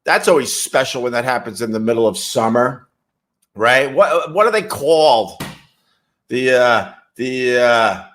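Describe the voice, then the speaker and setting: A man's voice: mid-range voice, expressive, measured pace, a bit bright, slight background noise. A man hosting a casual livestream, reading chat messages and rambling wryly with casual swearing. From New York.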